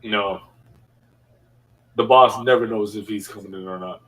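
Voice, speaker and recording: A man's voice: on the low side, fairly even intonation, unhurried, a bit bright, distant mic, poor audio. A man telling a work story in casual podcast chat, laughing often and filling his talk with slang and fillers. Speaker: podcast co-host.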